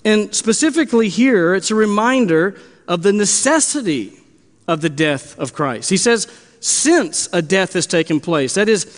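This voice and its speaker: A man's voice: high-pitched, in a large hall. A male pastor preaching an expository sermon, teaching earnestly and repeating key words as he goes.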